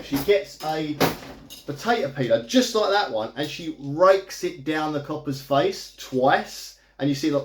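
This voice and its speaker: A man in a casual video review, recapping a movie plot in a chatty, amused, rambling way. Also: on the high side. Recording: echoey room.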